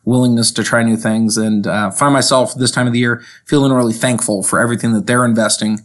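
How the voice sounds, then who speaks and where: A man's voice: medium pitch, fairly even intonation, fast talker. A man co-hosting a casual podcast as a tech coach, explaining steadily and with enthusiasm.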